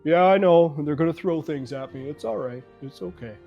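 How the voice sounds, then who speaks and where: A game master voicing a huge, gentle male bugbear wrestler who talks slowly and apologetically. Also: medium pitch, creaky, muffled recording, faint music behind, pitched below the performer's own voice. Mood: resigned. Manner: slow, mild and apologetic.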